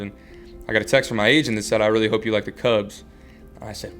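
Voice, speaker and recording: A man's voice: fairly low pitch, level tone, quick pace, a bit bright, faint music behind. A young man in his twenties, talking earnestly in a casual interview as a baseball player, full of fillers and restarts.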